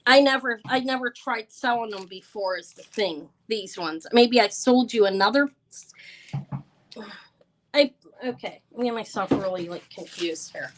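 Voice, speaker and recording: A woman's voice: fairly high pitch, lively intonation, measured pace, slight background noise, poor audio. Flustered, tired woman selling jewelry live. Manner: flustered and apologetic, stumbling restarts. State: tired and stressed. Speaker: jewelry seller hosting a live sale. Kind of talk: live-stream sales chat.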